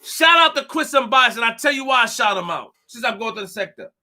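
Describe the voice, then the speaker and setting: In his live stream, a man with a very high, expressive voice speaks fairly quickly in a bright, forceful tone. He comments animatedly and emphatically, repeating himself and talking to his chat.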